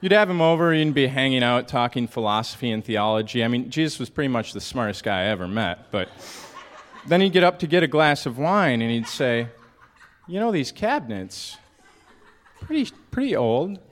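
A man performing a comic monologue on stage at a story slam, mock-sincere and wistful, with a deadpan delivery. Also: medium pitch, a little fast, slight background noise.

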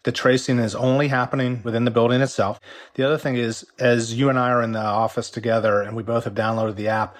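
A man's voice: mid-range voice, steady tone, fast. A man interviewed as a company executive, explaining at length with frequent restarts while losing his voice. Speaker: company executive interviewed about a workplace app. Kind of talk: remote news interview.

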